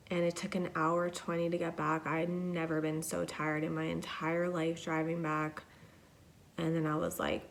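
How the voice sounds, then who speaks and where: A woman's voice: lowish voice, gravelly, a little hiss or hum. A young woman hosting a podcast alone, telling a story in a chatty, casual way, swearing and saying "like" a lot. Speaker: podcast host.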